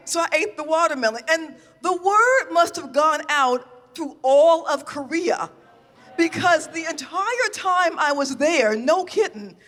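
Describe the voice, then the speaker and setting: Animated woman telling a stage story. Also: high-pitched, big-room sound. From United States. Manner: animated and laughing, acting out her own reactions. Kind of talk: live true-story telling. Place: stage in a venue.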